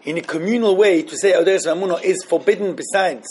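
Man, high voice, teaching a class, thinking aloud, repetitive, answers student questions. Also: fast talker, darkish tone, breathy edge. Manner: thinking aloud, repeating phrases, mixing Hebrew terms.

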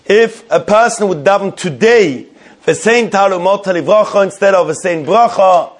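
Man teaching a halacha class, fillers. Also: a little high. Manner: questioning, thinking aloud with many fillers. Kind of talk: Talmudic-style halacha class.

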